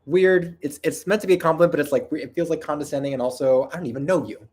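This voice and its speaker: A man's voice: fairly high pitch, fast, darkish tone. Nasal man chatting on a livestream. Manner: self-deprecating, rambling, with frequent restarts and laughter. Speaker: video creator and livestream host. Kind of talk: casual livestream chat answering viewer questions.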